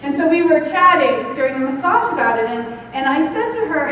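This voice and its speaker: Woman, middle-aged, minister, sermon, high voice, candid, self-mocking, very echoey distant hall recording. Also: animated, a little fast, hardly any pauses, a bit bright. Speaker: senior minister. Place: large church hall. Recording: echoey hall, distant mic, faint hiss.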